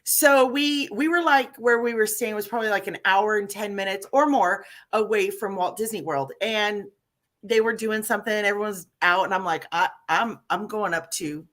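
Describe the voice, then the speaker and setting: A woman hosting a live online chat, telling stories in an animated, chatty way. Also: mid-range voice. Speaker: livestream host. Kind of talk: casual chat.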